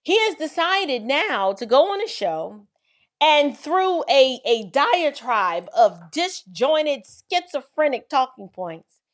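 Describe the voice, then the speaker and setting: A woman's voice: sits high, big pitch swings, takes it slowly. A woman hosting an opinionated commentary vlog, speaking with sarcastic, mocking emphasis. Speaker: commentary host.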